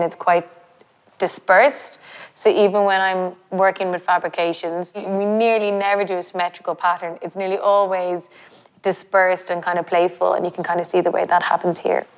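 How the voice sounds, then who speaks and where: A woman's voice: on the low side, level tone, normal speed, smooth. A woman with an Irish accent talking casually and reflectively about her work as a designer, often filling with "like" and "kind of". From Ireland. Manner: chatty, fills with "like" and "kind of". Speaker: fashion designer.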